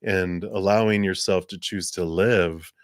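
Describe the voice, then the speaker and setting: Soft-spoken low male tarot reader. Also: fairly even intonation, unhurried, no echo, studio quality. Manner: gentle, encouraging, rambling with fillers. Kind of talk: live-stream tarot reading.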